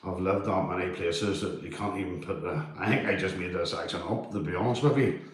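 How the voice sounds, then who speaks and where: A man's voice: sits low, brisk. Rambling man, echoey room. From Northern Ireland. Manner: rambling, swears, local slang. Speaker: auditor streamer chatting with viewers. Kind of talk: casual live-stream chat.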